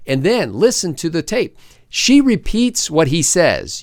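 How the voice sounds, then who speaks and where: A man as a panelist on a political talk show, reasoning aloud in a measured way. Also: a little high, wildly swooping pitch, no room sound, studio quality. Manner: measured, thinks aloud with fillers.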